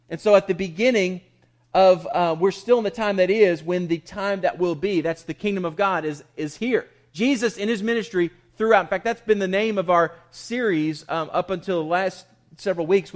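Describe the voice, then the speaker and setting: A man with a fairly high voice preaches from the pulpit. He talks conversationally but turns emphatic, asking questions and then answering them himself. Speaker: pastor. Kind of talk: sermon.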